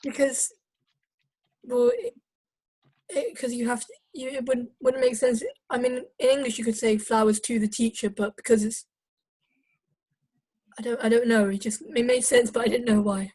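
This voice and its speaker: Female student, slightly high, unsure, thinks out loud. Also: moderate pace, long pauses, husky, rough recording. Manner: hesitant, thinks aloud with restarts. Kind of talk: online tutoring lesson.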